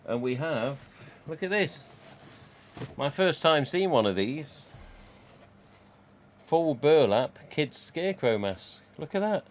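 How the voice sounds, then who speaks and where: A man's voice: on the high side, lively intonation, takes it slowly, slight background noise. A man, casually chatting and rambling on a live stream from home. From England. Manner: rambling, chatty, reads out chat.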